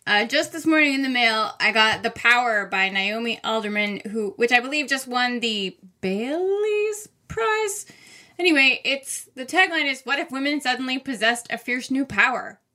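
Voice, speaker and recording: A woman co-hosting a casual book podcast, excited and playful as she talks about what she'll read next. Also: on the high side, moderate pace. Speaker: podcast co-host.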